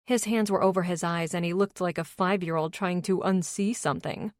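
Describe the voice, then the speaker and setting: A woman narrating a romance audiobook in first person, steady and even, on a close studio mic. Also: fairly low pitch, fairly quick, dry recording.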